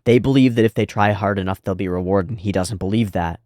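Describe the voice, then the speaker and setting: A man's voice: fairly low pitch, fast talker, a little mellow, no room sound, clean studio sound. A man reacting to an anime episode, thinking aloud in a casual, reflective way and often saying "like". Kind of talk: casual analytical commentary.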